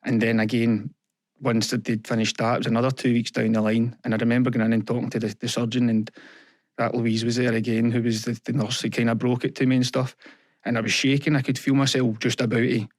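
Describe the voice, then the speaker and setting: Earnest young Scottish man, flat delivery. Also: mid-range voice, no echo, studio quality. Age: young adult. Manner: earnest, halting, retells events with quoted dialogue. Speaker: podcast guest. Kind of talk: candid personal interview.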